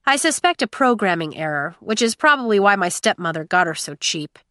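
A woman's voice: medium pitch, sing-song, brisk, a bit bright, no room sound, studio quality. A woman voicing a young female mechanic in an audiobook, wry and matter-of-fact.

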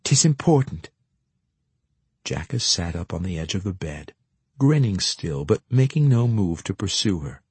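Expressive male narrator, husky and deep-ish, close dry sound. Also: normal speed, no room sound. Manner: expressive storytelling reading. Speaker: audiobook narrator. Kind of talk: scripted narration.

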